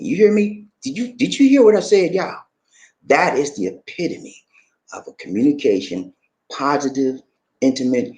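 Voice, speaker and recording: Lively man in an echoey room. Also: fairly high pitch. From Charleston, South Carolina. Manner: animated and repetitive, often checking in with listeners. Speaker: channel host. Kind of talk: casual talk to viewers. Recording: roomy echo.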